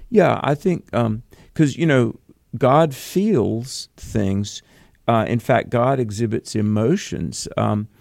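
A man co-hosting a Bible call-in radio show, talking earnestly and quickly with plenty of fillers. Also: on the low side, gravelly, darkish tone, no echo, studio quality.

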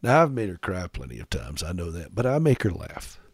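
Animated man hosting a radio show. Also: low-pitched, brisk, breathy edge, no echo, clean studio sound. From South Carolina. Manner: animated, sarcastic humor, direct address to listeners. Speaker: radio host. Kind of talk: radio talk monologue.

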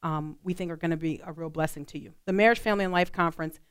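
A woman's voice: fairly low pitch, steady tone, rapid-fire, clear, resonant tone, no room sound, studio quality. A woman co-hosting a radio talk show, chatting earnestly with plenty of fillers. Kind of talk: casual talk radio chat.

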